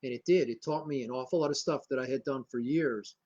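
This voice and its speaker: An older man from Connecticut, a martial arts grandmaster, telling rambling, animated anecdotes in a casual interview. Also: mid-range voice, quick pace, lo-fi sound. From Connecticut, USA.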